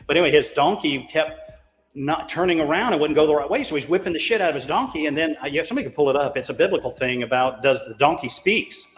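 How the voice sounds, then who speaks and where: Brief: man, co-host, slightly high voice, rambling and profane, long reverb on the audio. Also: a bit bright. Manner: rambling, profane storyteller, laughs at himself. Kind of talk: casual group chat.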